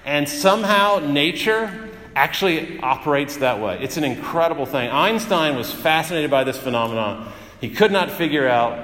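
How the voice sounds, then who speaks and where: Man, pastor, sermon, earnest and emphatic, slightly high pitch, roomy echo. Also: expressive, normal speed, a bit bright. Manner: earnest, emphatic, repeats phrases and restarts. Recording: echoey hall with long reverb.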